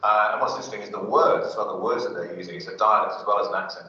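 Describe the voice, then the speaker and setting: Male studio guest, quick and bright-toned, explaining with fillers. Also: on the low side, very echoey, far from the mic, dull audio. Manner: fluent, explanatory, many fillers. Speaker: studio guest speaking on accents.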